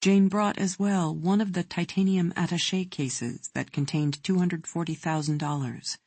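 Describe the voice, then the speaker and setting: Audiobook narrator, thriller reading, measured, husky, dry close sound. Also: medium pitch, darkish tone, dry recording.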